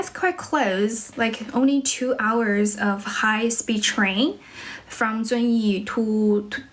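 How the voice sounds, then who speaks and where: A young woman from China, speaking English with a Chinese accent, chatting on a livestream as an English teacher and switching between English and Chinese as she answers viewers. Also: a little high. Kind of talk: livestream chat.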